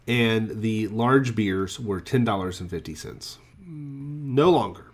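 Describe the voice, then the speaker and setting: A man's voice: on the low side, takes it slowly, husky. A man hosting a casual podcast, chatty and a bit wry as he runs through the news. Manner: chatty, wry about price hikes. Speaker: podcast host.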